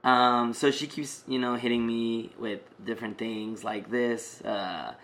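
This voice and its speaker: A man's voice: mid-range voice, steady tone, measured pace, fairly bright tone. A man casually telling a personal story, rambling with many fillers and restarts.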